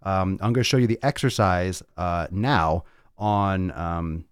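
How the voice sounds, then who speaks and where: A man's voice: low voice, a little slow, clean tone, no echo, clean studio sound. A man hosting a livestreamed fitness podcast, talking in a brash, profane way straight to his viewers.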